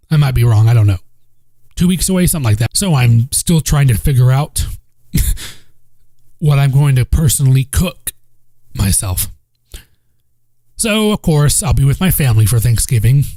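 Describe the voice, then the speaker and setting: A dark, mid-range male voice with a Southern accent carries this casual solo podcast, recorded dry on a home mic. The host is blunt and profane, rambling and repeating himself.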